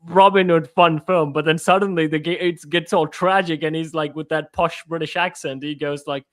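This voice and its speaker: Casual geek chat guy, slightly high voice, rambly, keeps laughing. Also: normal speed, few pauses. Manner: animated, rambling, laughs often. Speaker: podcast co-host.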